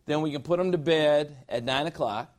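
A man's voice: on the high side, normal speed. A middle-aged man preaching a conversational sermon as pastor, informal and emphatic, repeating phrases for effect.

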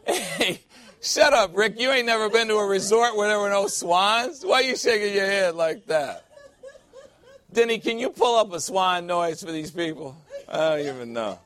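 A man's voice: high voice, expressive, moderate pace, fairly bright tone. A man preaching a sermon, calling for amens and joking with the congregation between points. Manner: call-and-response preaching, playful asides. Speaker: pastor. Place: church sanctuary.

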